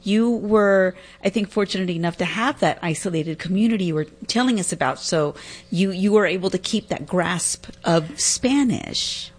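A woman interviewer reflecting on a guest's story in a relaxed, conversational way. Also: lowish voice, moderate pace, breathy edge.

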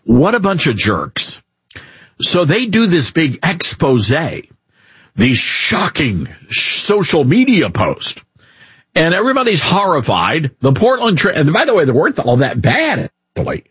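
A man with a Southern accent hosting a casual talk radio show, animated and mocking in tone. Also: a little high, measured pace, breathy edge, no room sound. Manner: animated, mocking, puts on exaggerated drawls.

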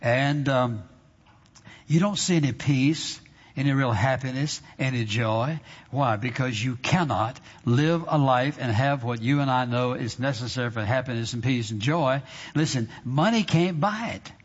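Man, pastor, emphatic sermon, slow scripture reading, mid-pitched voice, long hall reverb. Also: breathy edge, dull audio. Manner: emphatic preaching with slow drawn-out scripture readings and repeated phrases. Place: church sanctuary.

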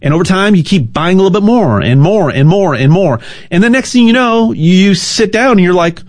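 Male host with a somewhat high voice, rambling and excitable, stumbling over repeated words while pitching a sponsor. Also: fairly quick, no echo. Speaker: show host. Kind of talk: casual monologue with a sponsor pitch.

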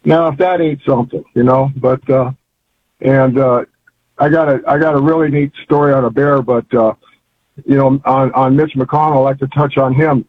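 A man's voice: mid-range voice, fairly even intonation, moderate pace. An older man calling in to a radio show, talking in a rambling, folksy and fervent way. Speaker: caller. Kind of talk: phone-in chat. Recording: tinny phone line.

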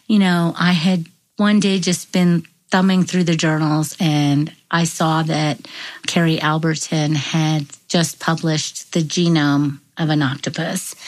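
A woman scientist in an interview, explaining her research in an animated, storytelling way. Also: deep voice, poor audio. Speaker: neuroscientist guest. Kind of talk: interview conversation.

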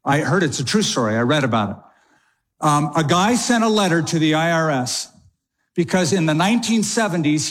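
Conversational man preaching a sermon. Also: on the high side. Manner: conversational preaching with quick asides and slowed emphasis. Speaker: pastor.

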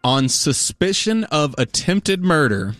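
A man's voice: on the high side, big pitch swings, takes it slowly, fairly bright tone, faint music behind. A man co-hosting a casual podcast chat, reading out news stories and joking about them. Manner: joking, drifts into mock accents. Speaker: podcast co-host.

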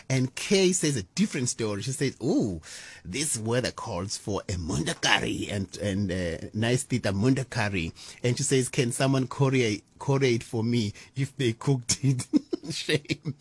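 A man hosting a radio show at a studio microphone, full of giggles and playful teasing. His pitch leaps up and down as he reads listener messages. The sound is dry and close. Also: breathy edge, no room sound. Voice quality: animated, laughs often, big swings in pitch. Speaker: radio host. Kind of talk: lively radio chat reading listener messages.

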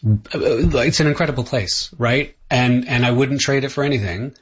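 A man's voice: medium pitch, moderate pace, slightly rough. A middle-aged Canadian man, an author being interviewed, speaking thoughtfully and often restarting his sentences. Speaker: author and guest. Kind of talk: interview conversation. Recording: dull lo-fi sound.

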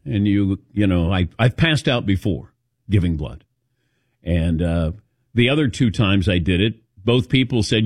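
A man's voice: lowish voice, moderate pace, no echo. Man, 60s, sports talk host, self-deprecating storyteller, close dry mic. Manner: self-mocking storytelling, animated quoting. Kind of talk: casual radio show chat. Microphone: studio microphone.

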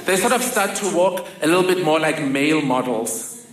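A woman's voice: low voice, expressive, normal speed. A woman from Africa, telling a personal story on stage with wry, dry humor. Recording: roomy hall with faint noise.

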